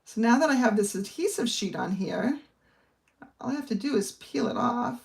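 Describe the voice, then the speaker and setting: In this relaxed crafting demonstration, a papercraft instructor talks through making a card one step at a time. She's a middle-aged woman from the northern U.S. with a slightly high, gravelly, expressive voice and a moderate pace.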